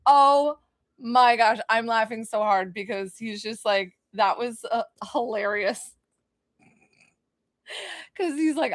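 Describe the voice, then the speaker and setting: A woman's voice: a little high, slow, long pauses, dry recording, clean studio sound. Chatty woman doing a spirit reading. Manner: chatty and informal, thinking aloud with many fillers; bursts into laughter. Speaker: psychic medium.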